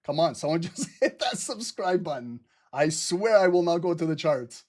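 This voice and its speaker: Hype trading-stream host, a man with a slightly high voice, quick, loose and profane. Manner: excited, fast-talking, laughs often, swears casually. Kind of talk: live trading commentary.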